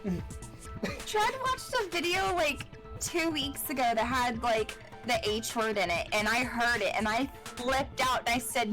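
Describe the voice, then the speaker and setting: A woman's voice: on the high side, expressive, moderate pace, over music, poor audio. A mother chatting on a game stream, telling a story about her son in a casual, chatty way.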